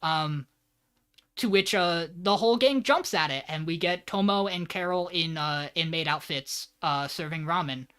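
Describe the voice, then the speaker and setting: A man's voice: a little high, normal speed, a bit bright, smooth. A man co-hosting a podcast, giving a loose, joking plot recap and swearing freely. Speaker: podcast co-host.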